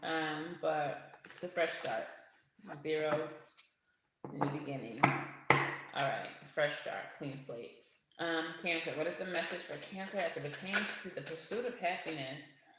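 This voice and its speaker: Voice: medium pitch, measured pace, heavy background noise. A tarot reader giving a casual reading to camera, chatty, laughing often and swearing now and then. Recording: very echoey room.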